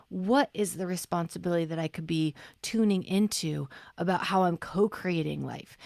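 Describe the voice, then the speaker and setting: A woman's voice: on the low side, darkish tone, no echo. A woman co-hosting a spiritual podcast who speaks reflectively and asks many questions. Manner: thoughtful, poses questions. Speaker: podcast co-host.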